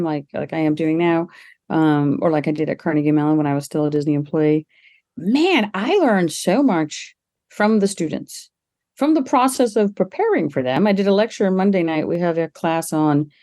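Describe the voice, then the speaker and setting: A middle-aged woman, a guest on an interview podcast, telling lively stories and laughing often as she talks. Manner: lively, acts out quoted people with jumps in pitch. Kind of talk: casual interview storytelling.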